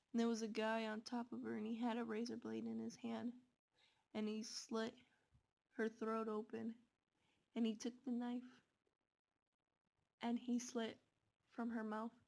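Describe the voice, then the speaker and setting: A woman telling a scary story in the first person, with slow, dramatic delivery. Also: a little high, completely flat delivery, vocal fry, a little mellow.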